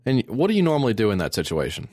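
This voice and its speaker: A man co-hosting a comedy podcast, telling crude stories in a rambling, deadpan way. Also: mid-range voice, rapid-fire. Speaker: podcast co-host. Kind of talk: casual comedy chat.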